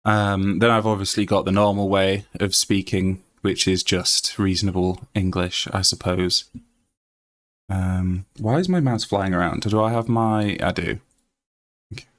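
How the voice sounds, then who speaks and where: A Yorkshire man chatting on his game stream. His voice sits low and relaxed. He rambles freely, reads text aloud, and fills the gaps with ums and uhs. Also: unhurried. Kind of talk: casual live-stream chat.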